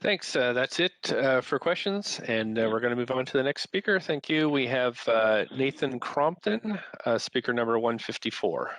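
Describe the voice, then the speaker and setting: A man chairing a council meeting, calling speakers politely and briskly, with frequent fillers. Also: medium pitch, expressive, a bit bright, no echo.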